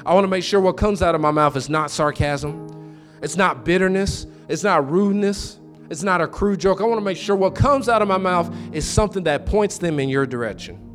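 A man preaches a sermon in church, telling his stories with acted-out quotes and repeated phrases. His voice sits a little high and jumps up sharply when he quotes people. Soft music plays faintly behind him. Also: fairly quick. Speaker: pastor.

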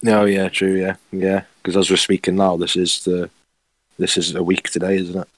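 A man with a lowish voice chats loosely on a podcast, laughing easily and often backing up to correct himself. The sound is close and dry, with no room in it. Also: completely flat delivery, moderate pace, no room sound. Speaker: podcast co-host. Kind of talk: casual chat.

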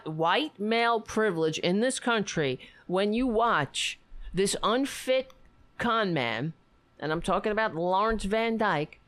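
A woman hosting her own political talk show, ranting with sarcasm and indignation, swearing and laughing between points. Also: mid-range voice. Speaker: political commentary host. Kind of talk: casual political rant.

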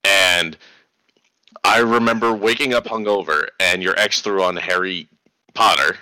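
A young man telling a casual story in a relaxed, dismissive way. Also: low-pitched, measured pace, dry recording, low-quality recording. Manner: laid-back storytelling, dismissive. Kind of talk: casual chat.

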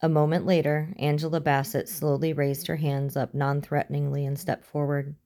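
A woman reading a story aloud as narrator, in a steady, even manner. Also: deep voice, moderate pace. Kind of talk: audiobook narration.

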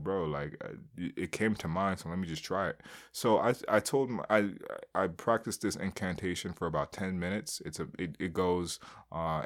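A young man with a deep, low-pitched voice talks casually about his week. He rambles, stops and restarts often, and fills the gaps with "um" and "like". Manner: rambling, many fillers and restarts. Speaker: aspiring entrepreneur vlogger. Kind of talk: casual spoken diary.

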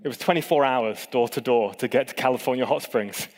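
A man's voice: mid-range voice, a little fast, a little mellow. A middle-aged British man giving a sermon as a pastor, telling a personal story in a conversational, self-deprecating way. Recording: long reverb of a large hall.

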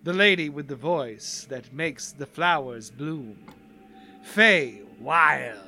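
A man's voice: fairly high pitch, expressive, slow pace, gravelly, sharp tone, a little hiss or hum, exaggerated voice. A man voicing a flamboyant male showman announcer who gushes with over-the-top hype. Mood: grand.

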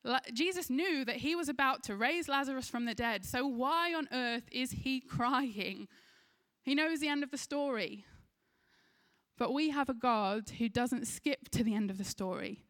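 A woman's voice: sits high, measured pace, fairly bright tone. A woman with an English accent preaching a sermon, retelling a scripture story in an earnest voice and briefly acting out the people in it. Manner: earnest storytelling, acts out quoted lines.

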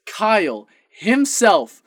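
A young man co-hosting a casual podcast, telling a story in an animated way, swearing and laughing often. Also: sits high, extremely slow, dry recording. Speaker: podcast co-host.

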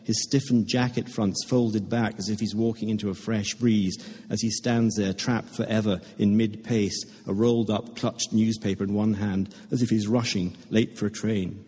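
A man reading a story aloud to a live audience, in a measured, understated way. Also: fairly low pitch, steady tone, a little mellow, husky. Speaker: reader at a literary reading. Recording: echoey hall with long reverb.

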